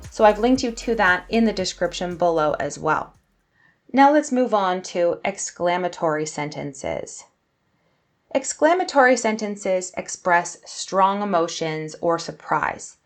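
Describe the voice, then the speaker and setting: Clear, measured woman teaching grammar. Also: lowish voice. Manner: clear, measured, explanatory delivery with acted example sentences. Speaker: English teacher. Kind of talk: scripted grammar lesson.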